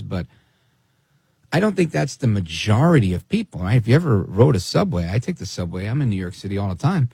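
A man hosting a talk radio show, giving opinionated commentary in a sarcastic, animated way. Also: fairly low pitch, brisk, vocal fry, husky, dry recording. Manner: animated and sarcastic, mimics people in quoted asides.

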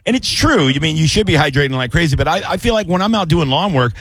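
A man's voice: fairly high pitch, quick pace, no room sound. A middle-aged man hosting a call-in radio show and doing stand-up-style banter, joking and whining on purpose. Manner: animated, joking, whines on purpose. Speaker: radio show host and comedian.

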